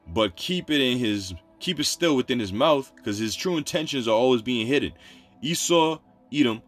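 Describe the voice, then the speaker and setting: A man preaching a scripture study, reading verses aloud and explaining them emphatically in casual, informal phrasing. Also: medium pitch. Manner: emphatic, repeats points, informal street phrasing between readings.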